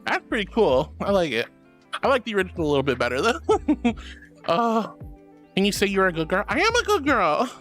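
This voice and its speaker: A man's voice: sits high, sing-song, brisk, long pauses, fairly bright tone, soft background music. A man streaming and casually chatting, reading viewer messages aloud and gushing over them with lots of honey and sweetie.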